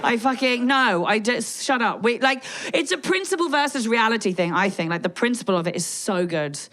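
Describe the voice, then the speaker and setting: A woman in her thirties with a London accent, doing a brash, profane stand-up set on stage with quick asides. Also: on the high side, animated, fairly bright tone. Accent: London English. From England. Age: 30s. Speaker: stand-up comedian. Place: theatre stage before a live audience. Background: audience laughter.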